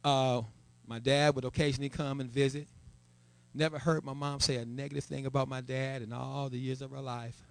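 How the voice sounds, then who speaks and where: A man's voice: mid-range voice, level tone, brisk, vocal fry, clear, resonant tone. A middle-aged man, a church elder, giving a testimony in a church, who repeats words and builds to a raised, emphatic voice. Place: church sanctuary. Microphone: live stream.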